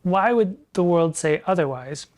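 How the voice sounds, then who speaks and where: A man in drag persona giving literary commentary on sonnets, arch and playful, slowing down to recite quoted lines with emphasis. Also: high voice, lively intonation, a little mellow. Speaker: drag performer hosting a sonnet discussion.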